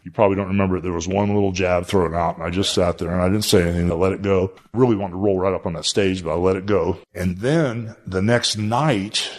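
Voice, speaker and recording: Older male guest, low-pitched, folksy rambling storyteller. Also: steady tone, quick pace, hardly any pauses. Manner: rambling, folksy, with many fillers. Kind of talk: storytelling in a podcast interview.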